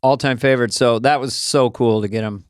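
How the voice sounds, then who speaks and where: A man co-hosting a podcast in casual chat, telling a story with lively bits where he acts out the people in it. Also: medium pitch, fairly quick, no echo, clean studio sound. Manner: animated storyteller who acts out the voices in his stories. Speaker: podcast co-host.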